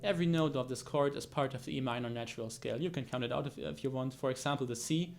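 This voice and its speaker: A man's voice: medium pitch, fast talker, creaky. A man explaining guitar technique in a tutorial, talking with frequent fillers and restarts and counting beats aloud. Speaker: guitar teacher. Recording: loud guitar under the voice. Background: guitar playing.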